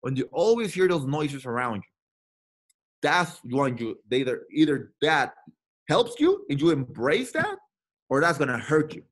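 A man from Latin America in his thirties drives home his points in a motivational team training talk, repeating himself for emphasis. His pitch sits fairly high and swings widely as he speaks. He slips into the voices of the people he quotes. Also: big pitch swings, a little slow.

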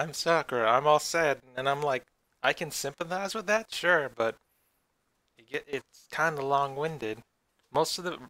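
Brief: rambling sarcastic man co-hosting a chat show, bright tone, dry mic. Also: a little high, no echo, rough recording. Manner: rambling, stammering, sarcastic retelling. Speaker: podcast co-host. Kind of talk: casual review chat.

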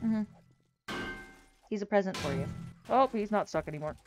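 A woman's voice: mid-range voice, expressive, over music. An American woman hosting a co-op game session, chatting casually and laughing often at herself. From United States. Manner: giggly, quick to laugh at herself. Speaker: co-op game host. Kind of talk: casual gaming chat.

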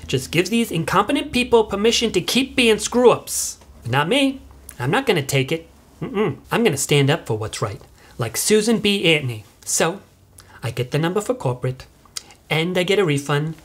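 A woman playing an entitled middle-aged suburban mother who rambles on in chatty, self-righteous complaints. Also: fairly low pitch. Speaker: mother leaving video messages. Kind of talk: comic monologue.

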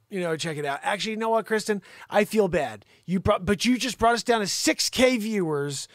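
A man hosts a live improv comedy show and rants at a caller in a mock-outraged, teasing way. His voice sits a little high for a man. The sound is close and dry, with no room echo. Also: expressive, a little fast, hardly any pauses.

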